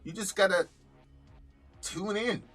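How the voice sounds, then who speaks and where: A man's voice: high-pitched, takes it slowly, a bit bright, soft background music. A man co-hosting a reaction show, talking in a laid-back, slangy way. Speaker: reaction channel co-host. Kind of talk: casual chat.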